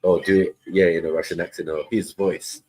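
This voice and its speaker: Low husky man chatting slangily. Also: level tone, brisk, a little mellow, rough recording. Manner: laid-back slangy talk, frequent "you know what I mean". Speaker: livestream panel host. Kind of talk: casual livestream chat.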